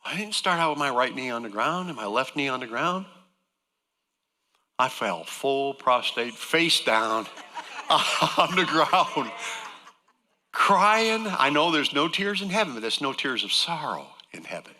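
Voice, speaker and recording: A man's voice: medium pitch, expressive, measured pace, pushed and bright, in a large hall. A man giving an emotional church testimony, storytelling with wry joking asides. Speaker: guest speaker sharing a testimony. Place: church sanctuary.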